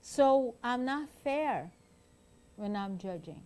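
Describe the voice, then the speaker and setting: Slow, animated woman lecturing a class. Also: a little high. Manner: animated storytelling, acting out quotes, many fillers. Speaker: spiritist lecturer.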